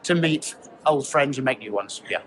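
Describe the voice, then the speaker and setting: A man's voice: mid-range voice, lively intonation, normal speed, fairly bright tone, a little hiss or hum, rough recording. A man from South Yorkshire chatting in a friendly, explanatory way about local words at a conference. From South Yorkshire, England. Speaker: conference attendee explaining dialect. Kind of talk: casual chat.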